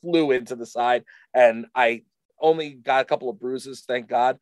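A man casually telling a rambling, animated story full of fillers to a friend. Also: medium pitch, normal speed, no echo. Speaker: storyteller in a chat.

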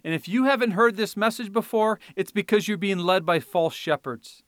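A man preaching a sermon, swinging from quiet explanation to loud, fiery scripture reading. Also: high-pitched, normal speed, dry recording, clean studio sound.

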